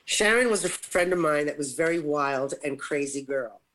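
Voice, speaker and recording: A woman's voice: low-pitched, expressive, moderate pace, a bit bright, low-quality recording. A woman hosting a radio talk show, telling friend stories in casual chat and laughing often. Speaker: show host. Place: radio studio.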